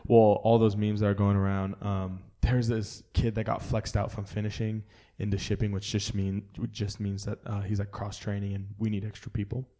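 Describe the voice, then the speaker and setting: A young man co-hosting a podcast in casual chat. His voice is fairly low and he tells stories with a joking edge, acting out the other people in them. The delivery is animated. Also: normal speed, few pauses. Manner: animated, jokey, acts out quoted voices. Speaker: podcast co-host.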